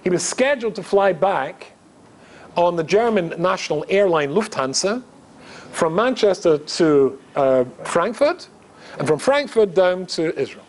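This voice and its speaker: High-voiced man telling funny stories. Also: expressive, a little slow. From Scotland. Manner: chatty and joking, with asides to the audience. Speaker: rabbi and guest speaker. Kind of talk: humorous storytelling lecture.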